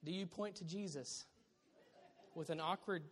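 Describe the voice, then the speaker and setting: A male pastor preaches with a high, bright voice that swings from quiet asides to loud bursts. His delivery is lively and humorous. The sound rings with the long reverb of a large church sanctuary. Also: a little slow, a faint crowd. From Southern California. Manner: animated, joking preacher with sudden loud bursts. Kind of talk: sermon.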